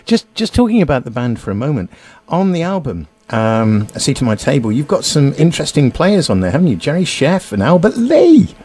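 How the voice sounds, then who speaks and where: A man's voice: fairly high pitch, huge pitch swings, a little fast, hardly any pauses, mellow, slightly rough. A male radio host interviewing a guest, asking encouraging, leading questions.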